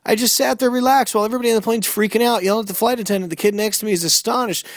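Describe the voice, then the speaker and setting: A middle-aged man hosting a motivational talk, energetic and storytelling, with emphatic rhetorical questions. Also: high voice, rapid-fire, no room sound, studio quality. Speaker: motivational speaker and host.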